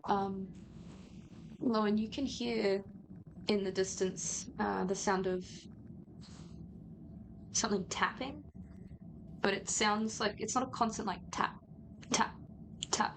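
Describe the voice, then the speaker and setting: Gravelly-voiced woman game master. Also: medium pitch, background noise. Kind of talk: narrating a tabletop game.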